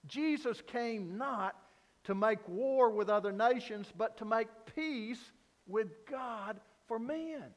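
A man preaching a sermon as pastor, earnest, swinging from loud emphasis down to quiet, low lines. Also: slow pace. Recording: long hall reverb.

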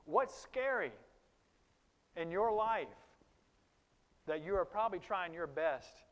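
A man preaching a sermon in a conversational, animated way, with sudden loud emphases and quiet asides to the congregation. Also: sits high, takes it slowly, lo-fi sound. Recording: long reverb of a large hall.

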